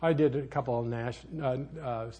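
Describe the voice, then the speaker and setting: Husky older man preaching folksy sermon. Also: medium pitch, fairly even intonation, normal speed. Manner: folksy, rambling, with sudden loud outbursts. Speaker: pastor. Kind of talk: sermon with storytelling.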